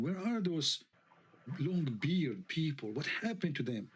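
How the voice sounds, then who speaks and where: A man's voice: a little high, very animated, unhurried, a bit bright, husky. Indignant man. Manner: heated, indignant, rhetorical questions. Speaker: online show host. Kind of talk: live online debate talk.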